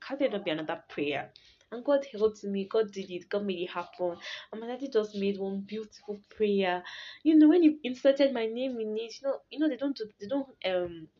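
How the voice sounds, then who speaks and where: A young woman casually sharing a faith testimony, animated and laughing as she tells the story. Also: medium pitch, normal speed. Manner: animated, laughs and restarts while telling a story. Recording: dull lo-fi recording.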